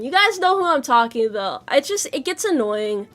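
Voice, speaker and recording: Casting: playful woman streamer, high and animated voice, faint music behind, cheeky and laugh-prone. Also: brisk. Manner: playful, laughs often, swears casually. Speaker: VTuber streamer. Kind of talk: casual chat with viewers.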